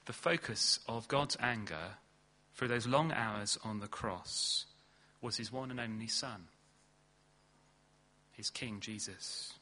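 A man preaching a sermon in earnest, leaning hard on key words and then dropping low and slow. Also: pushed and bright. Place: church hall.

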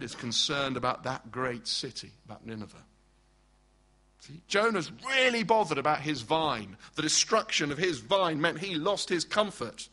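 A middle-aged man preaches a sermon in a bright, forceful voice that sits a little high. He tells the story dramatically and acts out the quoted speech. He keeps asking the congregation questions.

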